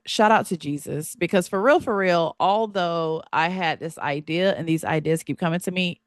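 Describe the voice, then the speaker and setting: A woman's voice: low voice, no room sound, studio quality. Chatty Southern woman hosting a podcast. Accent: Southern US (North Carolina). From North Carolina. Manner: animated, chatty, laughs often, heavy use of "like" and "baby". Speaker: podcast host. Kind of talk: casual solo podcast talk. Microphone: podcast mic.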